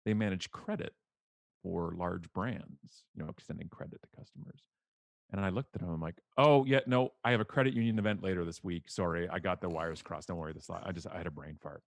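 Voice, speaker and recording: A middle-aged man, a keynote speaker, telling stories on a podcast in an animated, self-mocking way with casual swearing. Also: low voice, vocal fry, no echo.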